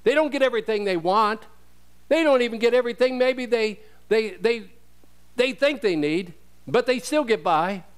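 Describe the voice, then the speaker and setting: A man's voice: extremely high pitch, lively intonation, normal speed, clean tone. A male pastor preaching a sermon in a conversational way, asking rhetorical questions and quoting scripture.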